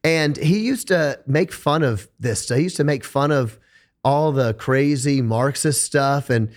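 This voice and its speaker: A man speaking as a podcast guest in a conversational interview, an animated storyteller who repeats words when he gets going. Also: medium pitch, measured pace. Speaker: podcast guest, rock singer.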